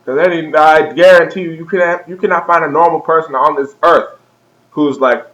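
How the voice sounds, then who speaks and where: A young man with a slightly high voice delivers a comedic vlog rant. He is profane and over the top, and breaks into laughter at his own jokes as he goes. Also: steady tone, a little fast, fairly bright tone, low-quality recording. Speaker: vlogger.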